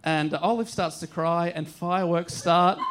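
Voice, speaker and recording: A man with an Australian accent retelling a play's plot for laughs, animated and laughing through his lines. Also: a little high, measured pace, background noise. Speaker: podcast co-host. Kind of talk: comedic story recap.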